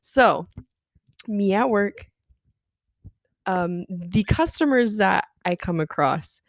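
A young woman co-hosting a podcast tells work stories in a casual chat, laughing often and swearing freely as she animatedly recounts them. Her mid-range voice moves at a slow pace, captured in studio quality with no room sound.

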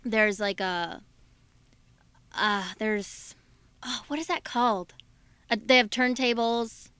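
A woman with a bright, crisp voice, chatting casually as a show guest. She talks in an upbeat way, with many fillers and restarts. The sound is close and dry. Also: on the high side, slow pace, no room sound. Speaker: voice actress guest. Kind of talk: casual chat.

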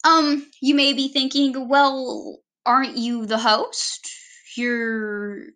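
A woman's voice: high voice, fairly even intonation, slow pace, bright, forceful tone. A woman giving a casual, rambling self-introduction on her vlog, often correcting herself mid-sentence.

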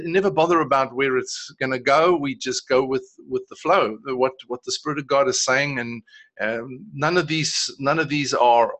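A South African man co-hosting a casual faith podcast, talking in a halting way with repeated words and many fillers. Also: a little high, sharp tone. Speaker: podcast co-host.

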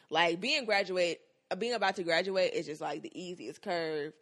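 A young woman co-hosting a podcast in casual chat, animated and acting out quoted lines with frequent laughs. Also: on the low side, normal speed, hardly any pauses. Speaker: podcast co-host.

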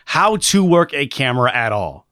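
Male podcast co-host, mid-pitched, profane and rambling, dry close mic. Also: very animated, moderate pace, bright, forceful tone, clear, resonant tone, no echo. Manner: rambling, profane, self-deprecating, with many restarts. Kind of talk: casual chat.

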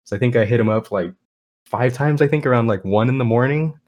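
A man's voice: medium pitch, brisk, a little mellow. A man co-hosting a podcast, telling a rambling story in casual chat, laughing often. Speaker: podcast co-host.

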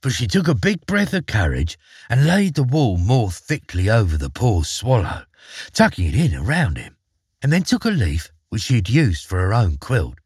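A man narrating a fairy tale aloud in an expressive storybook manner. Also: medium pitch, slightly rough, dry recording, clean studio sound.

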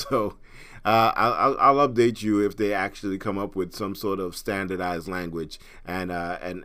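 A man's voice: lowish voice, a bit bright. A middle-aged man from Trinidad hosting a podcast in casual, rambling chat, with frequent restarts. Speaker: podcast host.

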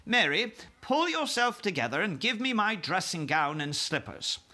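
A man's voice: sits high, very animated, moderate pace, sharp tone, pitched above the performer's own voice, heavily acted. A poised, dignified queen, put on by a man. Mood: composed, gently amused. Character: stately elderly queen, composed and dignified. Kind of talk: storybook read-aloud.

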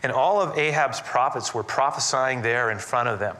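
A man preaching a sermon, retelling scripture in an animated, dramatic storytelling manner. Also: medium pitch, moderate pace.

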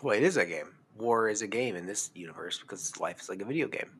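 A man's voice: on the low side, quick pace, a little hiss or hum. A man co-hosting a podcast in casual chat, animatedly retelling scenes and acting out quotes. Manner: animated storyteller, acts out quotes. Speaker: podcast co-host.

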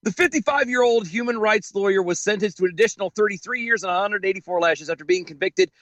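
A man co-hosting a casual commentary show, reading news aloud in a sarcastic, animated way and laughing often. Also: high-pitched, quick pace, no room sound, lo-fi sound. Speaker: podcast co-host.

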